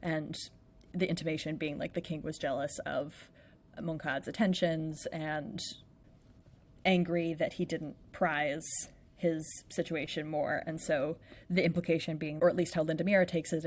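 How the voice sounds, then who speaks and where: Chatty woman recapping a play, with a slightly low voice. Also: level tone, a little slow, darkish tone, slight background noise. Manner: chatty, playful, lots of "like". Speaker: podcast co-host. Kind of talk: casual chat recapping a play.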